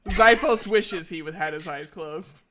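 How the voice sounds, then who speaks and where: A woman's voice: fairly low pitch, crowd noise. A woman narrating a tabletop game as game master, joking with her players and laughing often. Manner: unhurried, laughs often and playful. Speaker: dungeon master.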